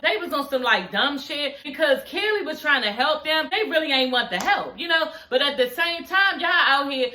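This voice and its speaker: A woman's voice: sits high, bright, forceful tone. A woman recapping a reality show for her viewers in a sassy, profane, chatty way. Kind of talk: casual recap chat.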